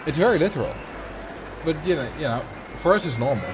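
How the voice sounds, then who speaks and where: A man's voice: a little high, lively intonation, fairly quick, background noise. A man with a Dutch accent giving casual, joking commentary while livestreaming a game. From Netherlands. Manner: chatty, laughs often, jokes about words.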